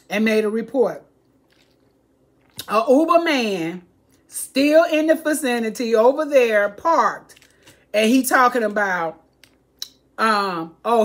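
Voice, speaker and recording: An older woman, vlogging an earnest warning to her viewers, pleading and preachy and often repeating herself. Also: fairly high pitch. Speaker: home cooking vlogger.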